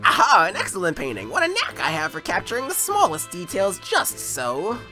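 Theatrical game villain, a vain sorcerer who collects art , read out by the gamer. Bright and haughty. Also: medium pitch, huge pitch swings, moderate pace, soft background music, pitched above the performer's own voice. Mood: gloating. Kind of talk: reading game dialogue aloud.

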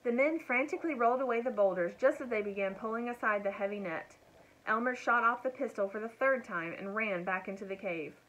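A woman reading a children's storybook aloud in a gentle, friendly narrating voice. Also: a little high, brisk, lo-fi sound. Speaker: children's book reader.

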